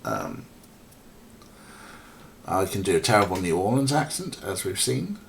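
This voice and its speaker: A man's voice: low voice, wildly swooping pitch, a little slow, gravelly, a little hiss or hum. A man casually commentating a game stream, rambling and mocking, with lots of ums and swearing. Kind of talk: casual let's play commentary.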